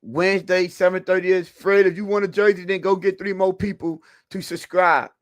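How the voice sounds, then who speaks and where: A man's voice: high voice, level tone, moderate pace, no room sound. Upbeat man hosting a live stream. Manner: laughs often, talks straight to the viewers; loose, rambling, with restarts. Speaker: podcast co-host on a live stream. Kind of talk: casual live-stream chat.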